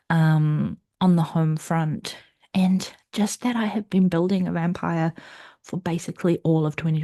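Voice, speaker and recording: A young adult woman hosting her own podcast, talking candidly and at length about her week, with restarts and soft laughs. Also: deep voice, no echo, clean studio sound. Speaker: podcast host. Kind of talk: personal confessional monologue.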